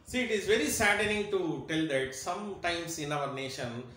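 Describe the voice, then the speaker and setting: A man's voice: a little high, expressive, normal speed, sharp tone. A man giving an emphatic lecture, repeating key phrases. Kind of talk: motivational lecture. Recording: very echoey room, faint noise.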